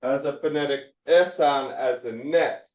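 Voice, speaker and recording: A man teaching a slow Hebrew phonics lesson, sounding out syllables one at a time with many fillers. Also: mid-range voice. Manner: drawn-out, halting delivery with frequent fillers. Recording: echoey, dull room sound from a distance.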